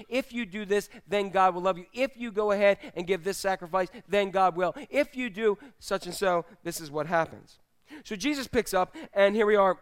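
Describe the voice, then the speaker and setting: Animated high-voiced male preacher. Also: clean tone. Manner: conversational, animated, addresses the congregation directly. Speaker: pastor. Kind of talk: sermon. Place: church.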